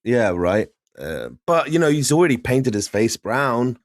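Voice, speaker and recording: A young man from Syria co-hosting a podcast, chatting casually and telling animated stories with laughs. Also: medium pitch, unhurried, dry recording. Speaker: podcast co-host. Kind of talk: casual chat.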